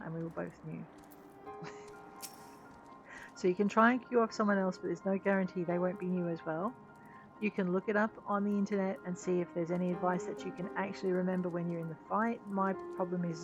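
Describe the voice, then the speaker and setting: A woman's voice: fairly low pitch, vocal fry. A woman giving casual, chatty commentary while she plays a game, joking at her own expense. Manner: chatty, self-deprecating, laughing. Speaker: gameplay streamer. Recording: dull lo-fi sound.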